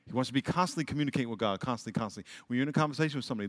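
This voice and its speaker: A male pastor giving a sermon, leading call-and-response with the congregation and mixing loud calls with joking asides. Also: rapid-fire. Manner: call-and-response, has the congregation repeat words; jokey, swings from loud calls to low asides. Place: church sanctuary. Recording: long hall reverb.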